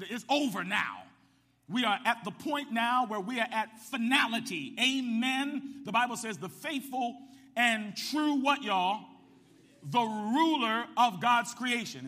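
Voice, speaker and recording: Male pastor, sermon, high pitch, call-and-response, shouting peaks, long church reverb. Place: church sanctuary. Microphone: microphone with ring.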